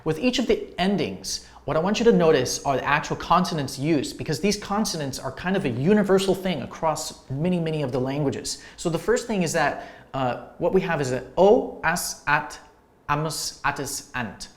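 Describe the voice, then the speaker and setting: A man teaching language grammar to viewers, talking in a relaxed, explanatory way with many fillers and restarts. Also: on the high side, a little fast.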